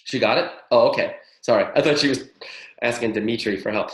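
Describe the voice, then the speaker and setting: An excitable man teaching a spiritual workshop over a call, cursing freely as he talks. His voice sits in a middle pitch range. The room around him is noticeably echoey. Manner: excitable, swears freely, rapid-fire incantation lists. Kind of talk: live teaching call with interpreter.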